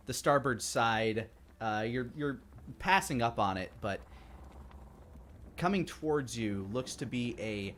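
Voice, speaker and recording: A man's voice: mid-range voice, fairly bright tone. A man narrating a tabletop pirate game as game master, loose and hesitant with many fillers.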